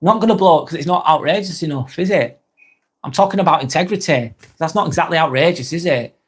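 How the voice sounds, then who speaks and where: A man's voice: a little high, quick pace, husky. A British man hosting a live vlog, chatting casually and reading out viewer comments, rambling onto tangents and swearing freely. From Britain.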